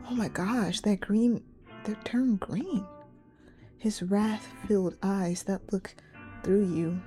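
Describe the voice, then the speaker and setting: Young woman reading out a story game, mellow voice, laughs a lot, soft guitar behind. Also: medium pitch. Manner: animated, giggly, slangy. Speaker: gamer playing a story game. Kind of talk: reading a game aloud with reactions.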